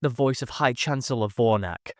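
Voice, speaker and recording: A man reading a first-person science fiction story in a measured, dramatic storytelling manner. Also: medium pitch, no room sound, clean studio sound. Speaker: narrator. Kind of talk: scripted first-person sci-fi narration.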